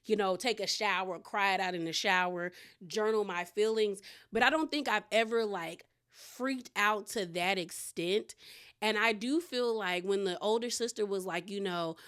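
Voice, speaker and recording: A woman's voice: medium pitch, moderate pace, fairly bright tone, clean tone. A woman from the Southern US with a Southern accent, recapping a reality TV episode in a chatty way and acting out quotes with voices. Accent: Southern American. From Southern United States.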